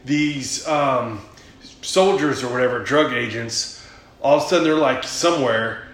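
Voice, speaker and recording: A man's voice: medium pitch, unhurried, fairly bright tone. A man chatting casually, retelling a movie plot in a rambling, profane way and laughing often. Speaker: podcast host. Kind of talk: casual chat. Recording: echoey room.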